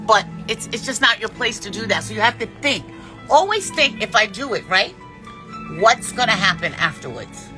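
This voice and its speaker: A woman's voice: medium pitch, animated, moderate pace, over music. A woman in her fifties giving blunt, profane life advice in an unscripted monologue. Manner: blunt, profane and preachy, with big swings in emphasis.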